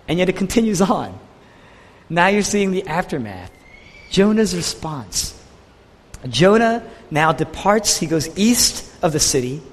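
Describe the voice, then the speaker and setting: A male pastor preaching with a high, very lively voice that climbs and drops across every phrase. He hammers points by repeating them, and the long reverb of a large hall trails each line. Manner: animated, emphatic, repeats key phrases. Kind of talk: sermon.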